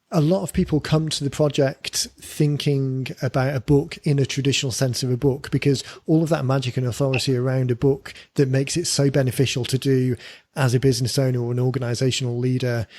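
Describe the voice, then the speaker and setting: A man's voice: mid-range voice, a little mellow, dry recording. A man co-hosting a podcast, talking casually and thinking aloud with fillers and repeated words. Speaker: podcast co-host.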